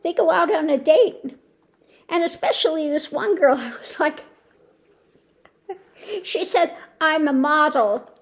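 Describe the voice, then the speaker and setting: A tarot channel host chats casually to camera from home, rambling, restarting often, and exclaiming in disbelief. Her voice is very high with vocal fry, and she speaks a little slowly with long pauses.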